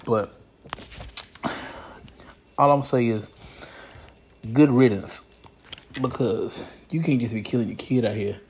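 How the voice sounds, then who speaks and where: A man hosting a show, giving casual, comedic commentary on news stories in a blunt, profane, animated way. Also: medium pitch, slow, pauses often, a little hiss or hum.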